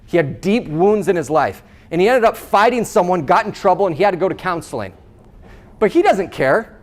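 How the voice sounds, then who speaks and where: A man giving an earnest, emphatic faith-based talk to high schoolers, retelling and acting out film scenes.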